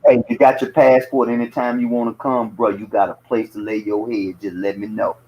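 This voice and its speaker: A man's voice: lowish voice, little pitch movement, brisk, highs cut off, crowd noise. Profane Southern man in loose chat. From American South. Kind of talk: casual podcast chat.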